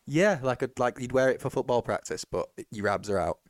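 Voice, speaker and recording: A jokey man trading banter on a podcast. He sits at an everyday middle pitch and is recorded close and dry. He laughs often and keeps the talk loose and casual. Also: expressive, fairly quick, no echo. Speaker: podcast co-host. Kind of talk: casual commentary chat.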